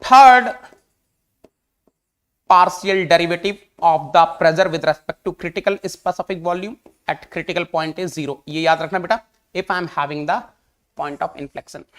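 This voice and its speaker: A man's voice: a little high, steady tone, fast talker, fairly bright tone. A male engineering teacher with an Indian English accent giving an online exam-prep lecture, repeating questions and coaxing the class in a mix of English and Hindi.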